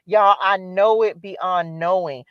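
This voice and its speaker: A woman's voice: fairly low pitch, steady tone, takes it slowly, clear, resonant tone, no room sound. Woman preaching hard at her live audience. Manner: emphatic, preachy, repeats calls to action. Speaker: spiritual live-stream host. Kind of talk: motivational spiritual talk. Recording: dull lo-fi dry sound.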